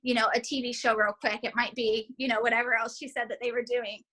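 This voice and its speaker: A woman's voice: on the high side, flat delivery, fast talker, pushed and bright, poor audio. A woman in her thirties and mother of four, talking casually and upbeat to her team on a group call, with many fillers. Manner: chatty, upbeat, filler-heavy. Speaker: team leader.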